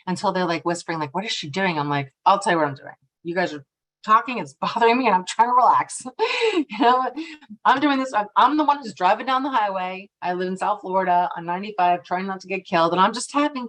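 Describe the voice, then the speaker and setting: A middle-aged woman presenting a workshop on energy tapping, lively and expressive, often checking in with "right?". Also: fairly low pitch. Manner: lively and expressive, acting out quoted voices; frequently ends points with a questioning "right?". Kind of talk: workshop talk.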